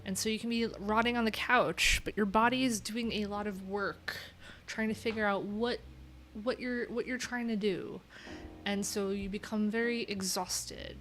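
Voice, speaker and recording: A woman's voice: mid-range voice, a bit bright. A woman from New York with a nasal voice, chatting candidly and rambling on a casual livestream from a room at home.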